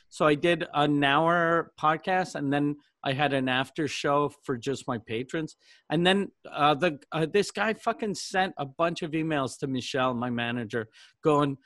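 A man's voice: fairly high pitch, moderate pace, a bit bright, no echo, studio quality. Profane, rambling man on a podcast. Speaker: comedian podcast host. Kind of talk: casual podcast chat.

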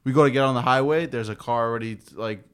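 A man telling travel stories in a casual chat, animated and trailing off quietly at the ends of sentences. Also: mid-range voice, fast talker, smooth.

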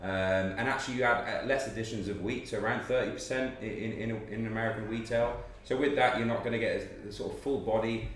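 A man's voice: fairly low pitch, steady tone, fast, hardly any pauses, fairly bright tone. A man talking about beer as a brand guest on a podcast, explaining in detail with many fillers, recorded in a pub. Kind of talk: casual podcast chat. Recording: roomy pub with faint background noise.

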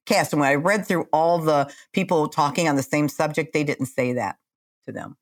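A retired woman in her sixties, chatting casually as a podcast co-host in an animated, self-mocking way. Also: sits low. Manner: animated, chatty, quick to laugh at herself. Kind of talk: casual chat.

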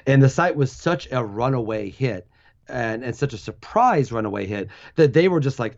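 A middle-aged man talking casually as an interview guest, animated, laughing often and restarting sentences. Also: medium pitch, moderate pace. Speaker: guest, former sports website founder. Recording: dull lo-fi audio.

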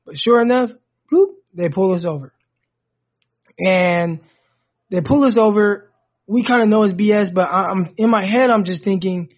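A man in his thirties, co-hosting a podcast and telling a personal story in a casual, animated way that rises sharply when he gets indignant. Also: high-pitched, normal speed, long pauses. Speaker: podcast co-host. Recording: dull lo-fi sound.

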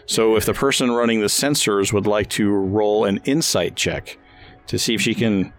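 A man narrating as game master of a tabletop role-playing game, talking haltingly with many fillers and restarts. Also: on the low side, faint music behind.

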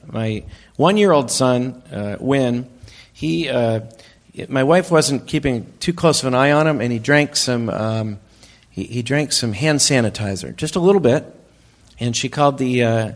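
Man, thirties, podcast co-host, rambling storyteller, fillers and restarts, mid pitch. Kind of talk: casual comedic chat. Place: live show before an audience.

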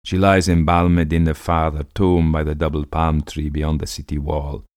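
A man's voice: a bass voice, little pitch movement, normal speed, a little mellow, dry recording, clean studio sound. A man voicing a frenzied, exultant ancient priest with a wild, shrieking manner in a storybook reading. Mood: manic.

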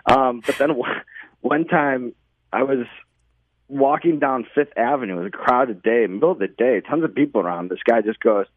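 A podcast guest who also hosts a show rambles through stories in a relaxed interview, leaning heavily on "like" and "you know." He speaks at a medium pitch and moderate pace, and the recording sounds dry and phone-like, without echo.

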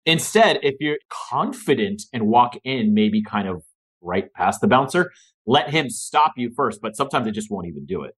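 A man talking as a guest in a casual podcast conversation, energetic, casual and profane. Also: mid-range voice, moderate pace, husky.

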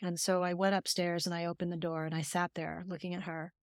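A woman's voice: fairly low pitch, little pitch movement, a little fast, dry recording, clean studio sound. A middle-aged woman therapist speaking earnestly and emphatically as a podcast guest, telling stories and explaining. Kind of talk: conversational podcast interview.

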